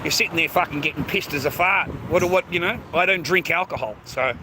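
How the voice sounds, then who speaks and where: A man's voice: fairly high pitch, a little fast. An Australian man in his fifties, ranting aggrieved and profane in a vlog, stammering over restarts. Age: 50s. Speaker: vlogger. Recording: noisy outdoor street recording.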